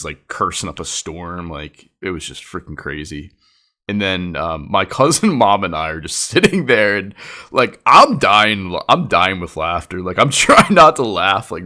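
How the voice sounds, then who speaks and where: A man's voice: low-pitched, sharp tone. A man casually telling a family story in a rambling way, full of "like" fillers.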